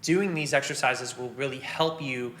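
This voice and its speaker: A man's voice: medium pitch, moderate pace. A man giving a casual drum lesson, explaining rudiments step by step and counting beats aloud. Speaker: drum teacher. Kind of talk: casual instructional talk. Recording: loud drum and click noise behind. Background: snare drumming and metronome clicks.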